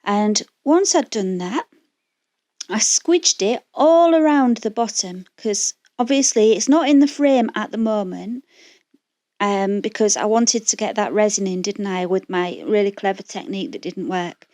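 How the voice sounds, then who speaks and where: A woman with a Yorkshire accent talks through a craft project in a casual, meandering voice-over, often stopping to correct herself. Her voice sits in a middle pitch and is recorded dry and close, with no room sound. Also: lively intonation, unhurried, warm tone, dry recording. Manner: rambling, self-deprecating, prone to filler and restarts. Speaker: resin craft channel host. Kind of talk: chatty voice-over of a craft tutorial.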